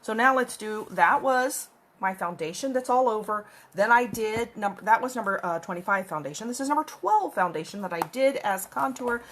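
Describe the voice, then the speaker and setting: A woman's voice: medium pitch, animated, normal speed, a bit bright, slight background noise. A woman chatting and rambling through a makeup tutorial at home, recorded on a phone. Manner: rambling, chatty, talks while applying makeup. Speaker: makeup vlogger. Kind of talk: casual makeup tutorial chat. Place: at home with her cat. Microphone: phone camera.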